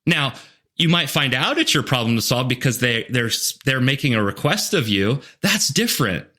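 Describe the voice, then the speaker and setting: On a conversational podcast interview, a leadership coach speaks in an expressive mid-range voice with a sharp tone and moderate pace. His manner is earnest and story-driven, thick with "like" and "you know" fillers, and he voices the people he quotes in asides.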